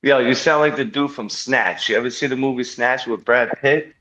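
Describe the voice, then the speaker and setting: A man's voice: medium pitch, normal speed, pushed and bright, lo-fi sound. A man joking rowdily in a casual group chat, teasing others and laughing.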